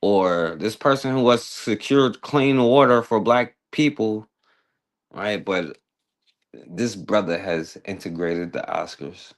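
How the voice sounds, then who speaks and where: A man's voice: on the low side, slow. A man hosting a talk radio show, giving blunt, emphatic commentary with a sarcastic edge.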